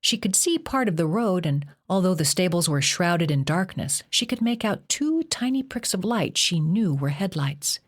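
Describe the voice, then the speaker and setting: A woman reading a horror novel aloud as an audiobook narrator, measured and expressive. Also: on the low side. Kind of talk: scripted narration.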